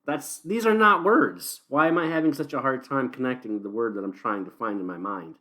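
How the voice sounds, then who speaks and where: A man's voice: medium pitch, a little fast, pushed and bright. A man hosting his own podcast, ranting and musing in a loose, swearing monologue after a few beers. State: tipsy from beer. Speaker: podcast host.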